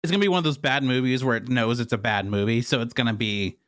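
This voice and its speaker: A man hosts a relaxed podcast chat, easygoing and a little halting as he gathers his thoughts. His voice is dry and close, with no room around it. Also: mid-range voice, no room sound. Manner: easygoing, repeats words when starting thoughts. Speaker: podcast host.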